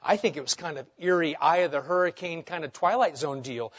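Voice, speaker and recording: A man preaching a sermon, asking rhetorical questions and swinging between loud and hushed delivery. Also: on the high side, quick pace, few pauses, dull audio. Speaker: pastor.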